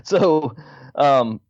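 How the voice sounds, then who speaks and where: A man co-hosting a podcast in casual chat, excitable, swearing freely and laughing a lot. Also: fairly high pitch, breathy edge, dry recording, dull audio. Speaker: podcast co-host.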